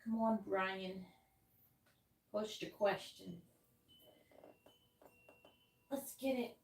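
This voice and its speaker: A woman's voice: mid-range voice, fairly even intonation, extremely slow, vocal fry, a little mellow. Woman tarot reader hosting a live stream, loose and chatty, heard from a distance off the mic. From New York. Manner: rambling, chatty, laughs often. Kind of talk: casual livestream chat. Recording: roomy sound, distant from the mic.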